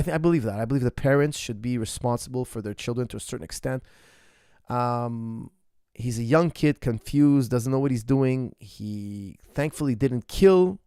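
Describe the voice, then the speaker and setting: A man coaching martial arts fields viewer questions in a loose, emphatic ramble, doubling back on himself mid-sentence. His voice sits at an ordinary middle pitch. The recording is dry and close, with almost no room sound. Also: warm tone, no room sound. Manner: rambling and emphatic, with frequent restarts and asides. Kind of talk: casual ask-me-anything chat.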